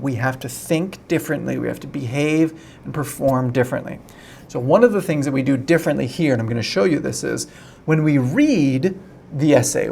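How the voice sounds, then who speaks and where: Chatty male English teacher, gravelly voice. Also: a little high, a little mellow, slight background noise. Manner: chatty, repeats "right?" to check in. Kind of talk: casual online lesson.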